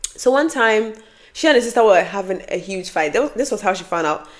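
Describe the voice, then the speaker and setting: A woman's voice: mid-range voice, a little fast. Emphatic woman telling a storytime. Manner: animated, emphatic repetition. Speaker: vlogger. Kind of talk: storytime advice vlog.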